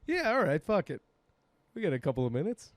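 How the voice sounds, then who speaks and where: A man with a high voice that leaps all over the place, co-hosting a comedy podcast. He tells stories with loose, animated energy and laughs often. The studio mic is close and dry. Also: fairly quick, no room sound. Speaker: podcast co-host. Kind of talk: casual comedic banter.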